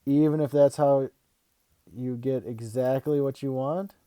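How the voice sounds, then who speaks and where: A man reading aloud and voicing an excitable, playful father who loves to tease and can barely contain his news. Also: mid-range voice, unhurried, no room sound, natural voice. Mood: excited. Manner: eager and loud, teasing. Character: excitable, bouncy adult father, playful joker.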